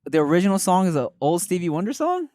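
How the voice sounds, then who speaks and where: A man hosting a podcast, chatting casually and telling stories, loud and animated, often slipping into put-on voices. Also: high-pitched, fast talker, no room sound, studio quality. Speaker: podcast host. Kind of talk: casual comedic chat.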